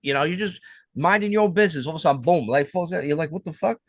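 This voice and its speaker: A man's voice: fairly high pitch, rapid-fire, dry recording. A young man co-hosting a podcast, musing and speculating in casual chat, swearing freely. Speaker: podcast co-host.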